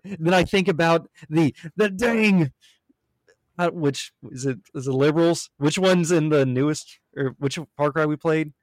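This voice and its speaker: An American man co-hosting a gaming podcast, fairly high-pitched and talking in a casual, animated way. He acts out game scenes in quoted voices as he tells them. The sound is close and dry. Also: a little slow, dry recording. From United States. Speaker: podcast co-host.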